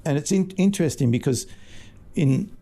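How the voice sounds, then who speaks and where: A man in his sixties with an Australian accent, a fish market owner telling relaxed stories in a casual interview. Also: a little high, moderate pace, creaky. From Scotland. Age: 60s. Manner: relaxed anecdotal storytelling.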